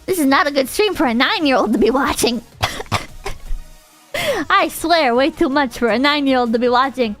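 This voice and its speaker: A woman's voice: high-pitched, normal speed, pauses often, a bit bright, faint music behind. A young woman streamer chatting casually, rambling and swearing as she rants and thanks donors. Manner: rambling, profane, ranting. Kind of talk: casual livestream chat.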